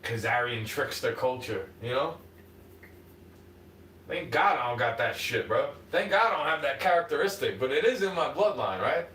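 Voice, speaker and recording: A man's voice: mid-range voice, animated, normal speed, distant mic, slight background noise. A man with a New York accent, ranting and swearing on a livestream in a combative monologue. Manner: combative, swearing, jumps between muttering and shouting. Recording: roomy, off-mic, faint ambience.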